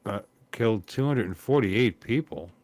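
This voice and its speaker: A man's voice: lowish voice, expressive, normal speed, darkish tone, no room sound. A man hosting a casual live-stream chat, laid-back and reading out what he looks up as he goes. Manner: laid-back, reads things out as he checks them. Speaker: show host.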